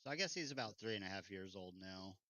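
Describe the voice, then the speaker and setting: A man's voice: low-pitched, lively intonation, quick pace, sharp tone, no room sound, rough recording. A man chatting in an easygoing way about his dog during a race watch party, laughing often. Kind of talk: casual chat.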